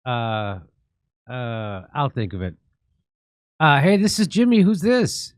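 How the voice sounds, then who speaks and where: A man's voice: mid-range voice, sing-song, slow, no room sound, studio quality. A man hosting a comedy talk show, laughing often and stumbling over his words. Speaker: host.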